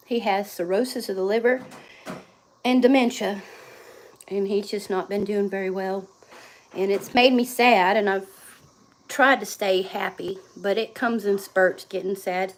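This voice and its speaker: A woman's voice: medium pitch, fairly even intonation, a little slow, long pauses, slight background noise. A middle-aged woman, chatting rambly and laughing often as she films herself around her home and yard. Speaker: vlogger. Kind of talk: casual livestream chat. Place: home and yard, outdoors at times.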